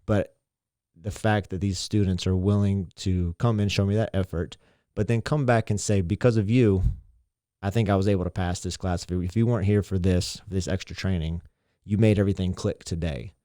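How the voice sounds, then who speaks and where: A man's voice: low-pitched, fairly even intonation, fairly quick, warm tone, no room sound, clean studio sound. A man, a teacher and mentor, talking earnestly and reflectively in a casual interview, often repeating himself. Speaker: teacher and mentor, podcast guest.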